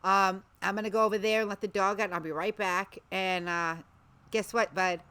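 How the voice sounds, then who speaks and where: A woman hosts a casual livestream, chatting easily and loosely. She reads out viewer messages and breaks off mid-thought now and then. Her voice sits at an ordinary middle pitch. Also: steady tone, normal speed, bright, forceful tone, clean tone. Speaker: livestream host.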